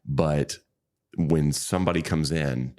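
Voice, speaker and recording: Man, very low voice, rambling storyteller, interview guest. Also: slow, a little mellow. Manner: rambling, many restarts, quotes people with pitch jumps. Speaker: fly shop owner, podcast guest.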